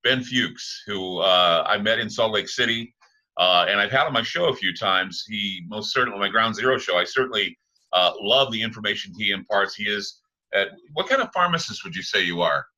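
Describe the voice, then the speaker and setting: A man hosting an interview show, chatting casually and pausing often with "uh" fillers. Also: on the low side, expressive, bright, forceful tone, rough recording. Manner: halting, with frequent "uh" fillers. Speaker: talk show host.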